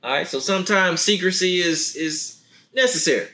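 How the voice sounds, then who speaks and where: A man hosting a podcast in casual chat, talking animatedly and acting out quotes. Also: moderate pace. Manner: animated, acts out quotes in a deep voice, laughs often. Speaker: podcast host.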